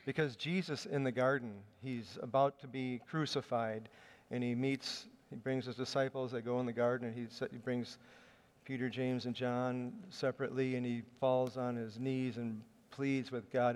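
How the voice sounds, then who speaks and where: A man's voice: mid-range voice, level tone, normal speed. A man giving a sermon, telling the story in a conversational way with small hesitations. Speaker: preacher. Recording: long hall reverb.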